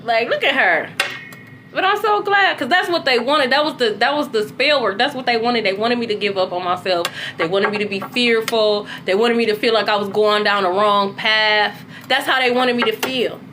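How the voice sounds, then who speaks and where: A woman talking in a casual, animated monologue as a spiritual content creator, cursing freely and swinging between low and high tones. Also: normal speed, background noise.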